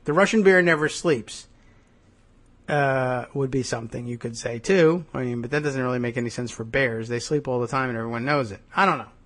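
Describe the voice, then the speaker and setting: A man's voice: mid-range voice, a bit bright. A man hosting a podcast, musing wryly through political commentary with frequent hesitations and dry asides. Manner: wry, musing, sardonic with frequent "uh" and "I guess". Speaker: podcast host.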